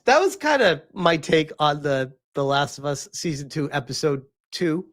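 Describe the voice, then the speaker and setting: A man giving a casual, animated vlog review, rambling and laughing often. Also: a little high. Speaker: video reviewer.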